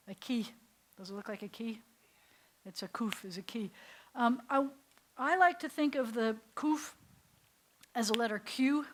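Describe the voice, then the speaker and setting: A woman rabbi teaching a beginners' Hebrew class, patiently sounding out syllables and repeating them, sometimes correcting herself as she goes. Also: mid-range voice. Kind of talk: classroom lesson. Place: synagogue classroom.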